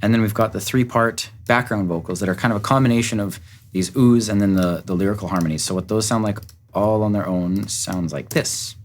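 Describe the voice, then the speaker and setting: A man's voice: fairly low pitch, a little fast. Upbeat man explaining a song mix. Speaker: music producer and recording engineer. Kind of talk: walkthrough of a song's production. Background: faint music from the track.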